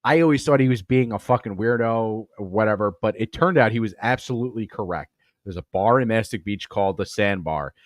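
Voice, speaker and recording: A man's voice: fairly low pitch, fairly quick, dry recording, studio quality. A man from Long Island hosting a comedy podcast, telling rambling stories full of swearing. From Long Island, New York. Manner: rambling, profane storytelling. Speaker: podcast host. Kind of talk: casual comedy podcast commentary.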